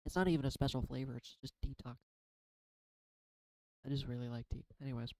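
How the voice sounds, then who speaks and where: A man's voice: medium pitch, steady tone, fairly quick, a little mellow, dry recording, rough recording. A man rambling through a spiritual card reading in a casual, confessional vlog, often self-deprecating. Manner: tearful at times. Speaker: tarot card reader.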